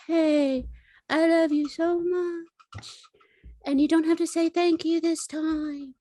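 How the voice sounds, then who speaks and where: A woman's voice: medium pitch, no echo, poor audio. Woman playing a rambling stoned adventurer girl. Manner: rambling, repeats herself, drawn-out. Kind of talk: in-character roleplay.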